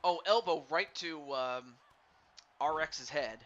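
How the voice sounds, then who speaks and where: Excitable man calling a wrestling game. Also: fairly high pitch, takes it slowly. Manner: excitable, stumbling, chatty with chat. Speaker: streamer commentating a wrestling game. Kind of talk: live play-by-play commentary. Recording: dull lo-fi stream mic with faint noise.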